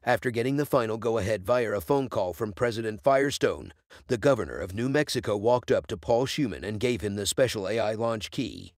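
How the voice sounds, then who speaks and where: A man's text-to-speech voice giving scripted narration of a story in a steady, even reading. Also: fairly low pitch, no room sound, studio quality.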